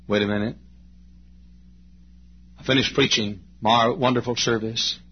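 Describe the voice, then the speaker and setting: A man in his late fifties preaching a storytelling sermon in a church, swinging between loud passages and hushed ones as he tells the story. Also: medium pitch, steady tone, unhurried, slightly rough. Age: late 50s. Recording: dull lo-fi sermon recording.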